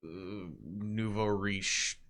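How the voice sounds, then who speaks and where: A man's voice: fairly low pitch, little pitch movement, very slow, fairly bright tone. A man narrating as game master in a tabletop game, loose and casual with lots of fillers.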